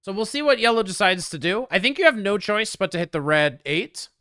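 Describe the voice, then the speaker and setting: Male game streamer, casual joking commentary, bright and clean tone, dry close mic. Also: sits high, lively intonation, brisk, no echo. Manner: chatty, joking, answers chat, gets loud when frustrated.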